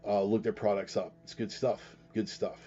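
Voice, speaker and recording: A man's voice: fairly low pitch, flat delivery, normal speed, mellow, dull audio. A man hosting a casual live show, talking bluntly and rambling, with frequent profanity. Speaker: podcast host. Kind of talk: casual livestream talk.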